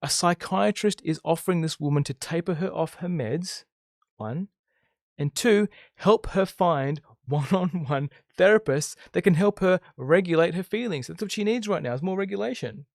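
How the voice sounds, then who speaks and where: Man, fairly high voice with a gravelly edge, blunt spiritual teacher, keeps tagging "right?", dry sound. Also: lively intonation, normal speed, a little mellow, no room sound. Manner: emphatic, keeps checking in with "okay?" and "right?"; blunt, swears freely. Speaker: I Ching teacher and counselor. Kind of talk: casual spiritual monologue to camera.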